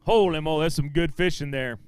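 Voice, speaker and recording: A man emceeing a fishing tournament weigh-in outdoors, booming out weights and angler names in an upbeat, lively way over a handheld microphone. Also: brisk, clear, resonant tone, dry recording. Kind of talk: live weigh-in announcing.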